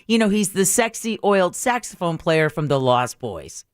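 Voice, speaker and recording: A co-host on a talk show, chiming in with quick remarks and jokes. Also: medium pitch, big pitch swings, clear, resonant tone, dry recording, clean studio sound. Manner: quick interjections, laughs often. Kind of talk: casual chat.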